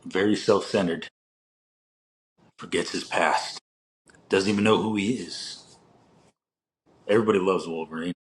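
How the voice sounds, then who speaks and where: Young guy chatting on a podcast, says like a lot, swears, kinda low voice. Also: fairly even intonation, measured pace, pauses often. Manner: rambling, heavy on "like", swears casually. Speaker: podcast co-host. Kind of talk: casual chat.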